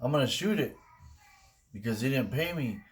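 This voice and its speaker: A man's voice: medium pitch, animated, moderate pace, voice pushed up, natural voice. A man voicing a laid-back male handyman who likes playing pranks, talking casually and stretching out "man".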